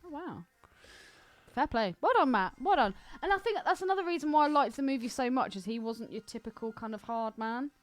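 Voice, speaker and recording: A woman's voice: high-pitched, expressive, brisk, no echo. A woman co-hosting a podcast in casual chat, playful and laughing often. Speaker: podcast co-host.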